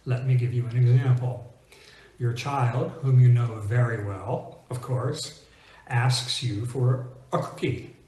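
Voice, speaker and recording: A man teaching English pronunciation in a clear, deliberate way, slowing down to stress example words. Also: medium pitch, a little mellow, echoey room. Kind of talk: scripted teaching monologue.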